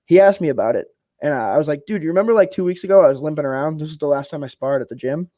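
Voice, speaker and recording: A man's voice: fairly high pitch, animated, very fast, warm tone, no room sound. A young man co-hosting a casual podcast, chatting loosely about fights in a rambling, offhand way and swearing now and then. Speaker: podcast co-host. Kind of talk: casual fight-talk chat.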